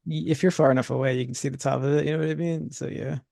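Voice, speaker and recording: A man narrating a tabletop horror game as game master, in a relaxed manner, chuckling between descriptions. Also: on the high side, racing, vocal fry, no echo, studio quality.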